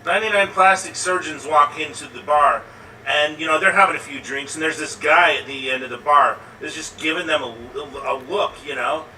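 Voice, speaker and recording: A man's voice: on the high side, normal speed, bright, forceful tone. A man telling improv jokes in a chatty way, laughing at his own setups. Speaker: improv performer. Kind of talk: casual joke telling. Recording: roomy, distant mic with faint noise.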